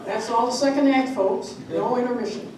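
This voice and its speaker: A woman's voice: fairly high pitch, normal speed, natural voice. A woman voicing a folksy small-town stage manager who speaks plainly and chattily to the audience in an amateur play reading. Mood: easygoing. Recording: echoey room, mic far off, background noise.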